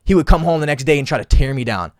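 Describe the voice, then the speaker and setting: A man's voice: fairly high pitch, expressive, very fast, dry recording. Young man, podcast host, impassioned, emphatic, dry close sound. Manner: impassioned, emphatic, repeats phrases. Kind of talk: casual motivational podcast monologue.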